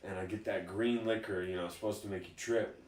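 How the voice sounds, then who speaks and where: A man telling stories as a guest in a casual interview, relaxed and chuckling as he goes. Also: on the low side, fast. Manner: laid-back, chuckling storyteller. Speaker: guest, fighter. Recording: echoey room, distant mic.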